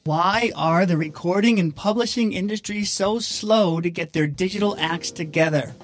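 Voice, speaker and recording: A man's voice: high-pitched, normal speed, faint music behind. A man hosting a podcast, reading a friendly, upbeat scripted introduction. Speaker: podcast host.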